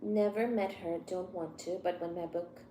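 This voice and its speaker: A woman's voice: on the low side, steady tone, normal speed, warm tone, slight background noise. A woman from India with an Indian accent, hosting a casual livestream and chatting with viewers as she answers their comments. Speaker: livestream host.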